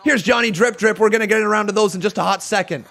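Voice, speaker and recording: A man from Ontario with a Canadian accent, hosting a live watch-along and chatting with viewers. He is excitable, laughs often and whoops loudly when donations come in. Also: sits high, fast. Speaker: live stream host.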